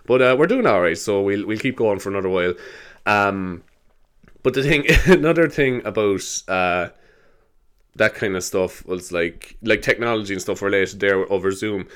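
A man's voice: lowish voice, moderate pace, fairly bright tone, clear, resonant tone. An Irish man hosting a casual solo podcast, rambling and laughing as he tells stories. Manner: rambling, laughing, slipping into silly voices. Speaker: podcast host.

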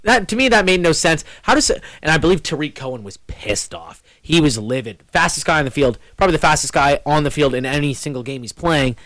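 Animated man hosting sports chat. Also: no room sound. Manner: animated, quick swings in pitch. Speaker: podcast host.

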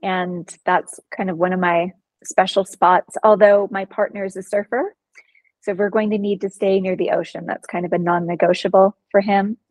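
A woman, a psychologist guest in a casual interview, telling personal stories in an expressive, vivid way. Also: medium pitch, normal speed, no echo, poor audio.

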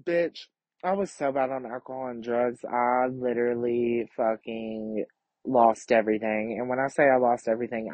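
A man's voice: mid-range voice, a little mellow, no echo. A young man hosting a podcast, talking in a brash, profane, campy confessional monologue. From Kentucky. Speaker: podcast host. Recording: dull lo-fi home recording.

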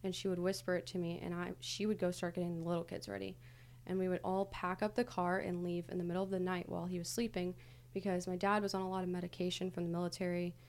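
A woman's voice: lowish voice, little pitch movement, fast talker, darkish tone. A young adult woman, a podcast guest, recounting her past candidly in a casual, hesitant way with many fillers. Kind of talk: casual conversational interview.

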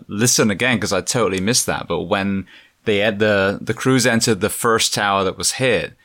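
A man with a very low, deep voice and an English accent talks reflectively as a podcast host, pausing and using fillers. The sound is dry and close. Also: a bit bright, no echo. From England. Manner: reflective, halting, with many fillers. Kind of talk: casual interview conversation.

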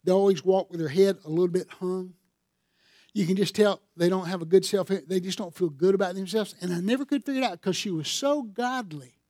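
A man's voice: high-pitched, fairly quick, warm tone, no echo, clean studio sound. A man preaching a sermon as pastor, telling stories in a folksy way and building to fervent emphasis.

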